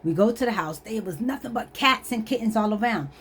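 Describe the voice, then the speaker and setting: Animated woman telling a story. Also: fairly high pitch, a little fast, a little hiss or hum. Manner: animated, emphatic, laughing at herself. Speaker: vlogger. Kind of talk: storytelling testimony.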